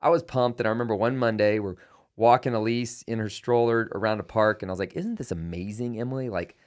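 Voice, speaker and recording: Lively storytelling podcast host, man. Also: lowish voice, fast talker. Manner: animated, acts out quoted dialogue. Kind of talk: conversational storytelling.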